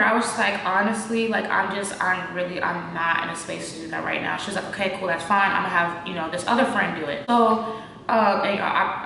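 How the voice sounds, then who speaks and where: A woman's voice: lowish voice, vocal fry, slight background noise. Shaky-voiced young woman in an echoey room. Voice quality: voice naturally shaky and cracking. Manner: slangy, animated, lots of fillers. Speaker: vlogger. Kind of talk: casual storytime chat.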